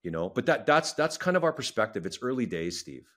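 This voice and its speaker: A man from Manitoba talks with deep, low-pitched earnestness in an interview. His words tumble out quickly and he repeats himself to drive home how strongly he feels. Emotion sits close to the surface as he speaks. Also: big pitch swings, fairly bright tone. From Manitoba, Canada. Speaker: wildlife federation scientific advisor. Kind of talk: passionate interview talk.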